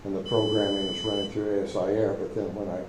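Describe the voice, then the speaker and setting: A man's voice: fairly low pitch, level tone, fast talker. A man at a club meeting, casually and hesitantly explaining his telescope setup. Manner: hesitant, many fillers and restarts. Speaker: club member. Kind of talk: casual chat. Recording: roomy meeting hall, faint hum.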